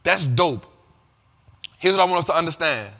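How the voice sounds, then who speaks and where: High, forceful man talking in a reverby space. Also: moderate pace. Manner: animated and profane, keeps asking "you feel me?". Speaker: host of a money and investing show. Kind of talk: casual commentary.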